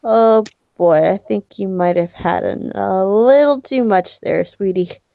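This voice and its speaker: Slow-talking woman over a tinny line. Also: mid-range voice, gravelly, no echo. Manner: hesitant, casual, many fillers. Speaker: tabletop player. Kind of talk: in-character role-play chat. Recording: tinny dry phone-like line.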